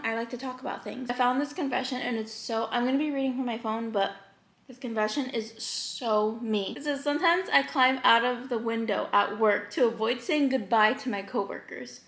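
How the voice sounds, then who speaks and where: Bubbly young woman vlogger in echoey room. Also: fairly high pitch. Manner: bubbly and chatty, laughs often. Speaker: YouTuber. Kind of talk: mukbang vlog chat.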